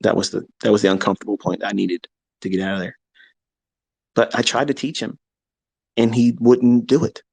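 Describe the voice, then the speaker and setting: A man's voice: on the low side, normal speed, vocal fry, long pauses, slightly rough, no echo, low-quality recording. Blunt, swearing man telling a story. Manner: blunt and profane, animated retelling. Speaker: trading educator. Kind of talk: candid personal storytelling.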